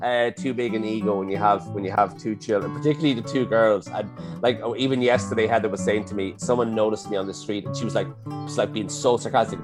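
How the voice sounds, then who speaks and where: A man's voice: on the low side, fast talker, over music. A middle-aged man, a chef, talking casually and self-effacingly in an interview, often restarting his sentences. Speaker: chef and guest.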